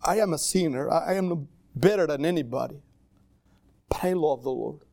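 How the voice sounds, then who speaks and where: A male pastor preaching a sermon in a church in accented English with small grammar slips, conversational and animated. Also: on the high side, brisk, gravelly, no echo, studio quality. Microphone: livestream camera mic.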